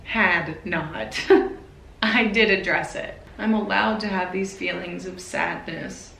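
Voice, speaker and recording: A woman in her twenties talking to camera in a personal vlog, nervous and emotional, speaking haltingly. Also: medium pitch, vocal fry, pushed and bright, echoey room, slight background noise, rough recording. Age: 20s. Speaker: vlogger.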